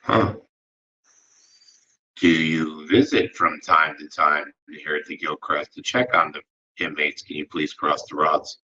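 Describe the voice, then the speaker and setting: A man with a deep but bright, forward voice leads a dowsing-rod spirit session. He speaks in slow, polite requests separated by long pauses. When he is moved, his voice turns soft. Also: steady tone, dull audio. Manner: gets emotional and soft-spoken. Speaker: ghost hunter.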